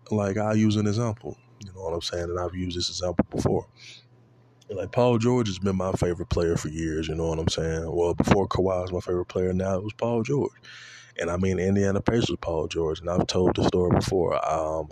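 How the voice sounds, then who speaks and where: A man in his twenties talking casually about basketball, profane and rambling, often adding "you know what I'm saying" and breaking into high-pitched outbursts. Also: a little mellow. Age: 20s. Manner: bursts into high-pitched exclamations. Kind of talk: casual sports rant.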